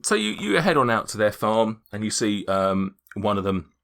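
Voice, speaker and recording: A man's voice: fairly low pitch, big pitch swings, normal speed, creaky, fairly bright tone. A man running a tabletop game as game master, narrating in a rambling, joking way with lots of hesitation.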